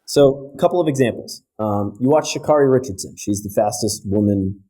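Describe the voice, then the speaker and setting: Energetic man explaining breathing. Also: on the low side, brisk. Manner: energetic, keeps tagging points with "right?". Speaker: guest, breathing physiotherapist. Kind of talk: casual podcast interview, explaining.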